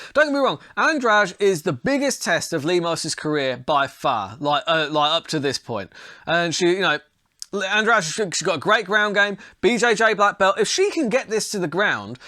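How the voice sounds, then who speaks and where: A young man hosting a fight-betting show, talking casually and profanely, thinking out loud as he goes. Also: high voice, animated, moderate pace, no room sound, studio quality. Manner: profane, chatty, talks himself into things. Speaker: podcast host, fight tipster.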